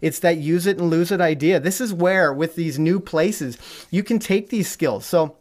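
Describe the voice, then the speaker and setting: A man dog trainer on a podcast, explaining training methods thoughtfully with frequent pauses and fillers. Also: on the high side, a little mellow. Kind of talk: instructional podcast chat.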